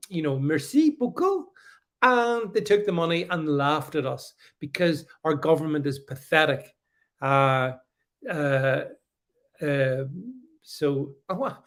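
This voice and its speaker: On his political livestream, a man with a fairly high voice works through viewer comments, answering each with emphatic sarcasm and frequent asides. His speech is full of stammers and restarts.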